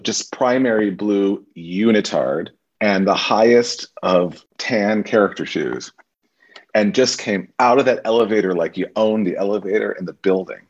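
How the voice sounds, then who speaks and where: A man, a stage actor and teacher, telling animated anecdotes as a podcast guest. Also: lowish voice, muffled recording. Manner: animated anecdotes, acts out quoted voices. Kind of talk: casual interview storytelling.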